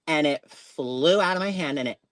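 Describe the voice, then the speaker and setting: A man hosting a casual live psychic stream, animated and laughing as he tells stories and reads tarot cards. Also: fairly high pitch, moderate pace, no room sound. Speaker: psychic reader host.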